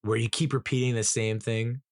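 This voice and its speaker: Man mimicking a comedian sobbing high. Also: little pitch movement, normal speed, no room sound, studio quality, lightly acted. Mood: mock sobbing. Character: comedian doing a bit about crying.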